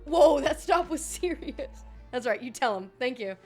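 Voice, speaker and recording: A woman's voice: high voice, animated, moderate pace, darkish tone, faint music behind. A woman streamer chatting casually while reacting to a video, playful, swearing and laughing a lot.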